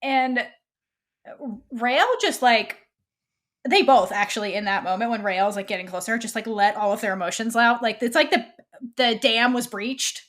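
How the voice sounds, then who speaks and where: A woman co-hosting a fan podcast, retelling a TV episode in a casual, animated way and quoting the characters' lines. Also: a little high, moderate pace. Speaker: podcast co-host.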